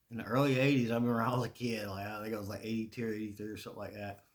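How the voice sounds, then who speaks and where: A man's voice: on the low side, little pitch movement, rapid-fire. A Southern man in his forties, telling stories in a rambling casual monologue, swearing and restarting often. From Charlotte, North Carolina. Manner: profane, rambling, frequent restarts and laughter. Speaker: podcast host.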